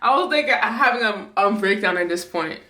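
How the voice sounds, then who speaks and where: A woman's voice: medium pitch, expressive, moderate pace, sharp tone, roomy sound. A woman, telling a personal story in a storytime vlog and acting out her own past words with growing emotion. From Canada. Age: 20s. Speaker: vlogger.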